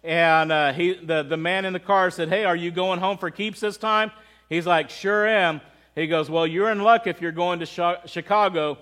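A man's voice: sits high, fairly even intonation, moderate pace, a bit bright. A man preaching a sermon, telling a story and asking the congregation questions. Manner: storytelling with quoted voices, asks the congregation questions. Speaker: pastor.

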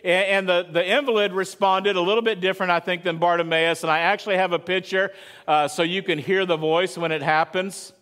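A man's voice: high-pitched, fairly even intonation, a little fast, a bit bright. A man preaching a sermon at church, talking conversationally and asking the congregation questions. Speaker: pastor.

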